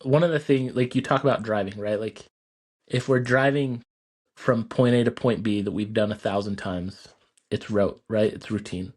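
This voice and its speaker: A man's voice: fairly low pitch, fairly even intonation, moderate pace, darkish tone. A man hosting a podcast, chatting casually and often checking in with "right?". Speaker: podcast host. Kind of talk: casual chat.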